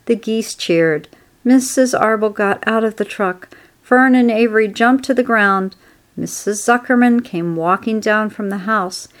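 Woman, storybook read-aloud, steady expressive narration, mid pitch.

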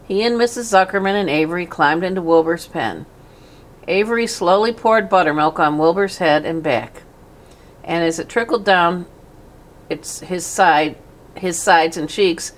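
Woman reading a storybook aloud. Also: lowish voice. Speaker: narrator.

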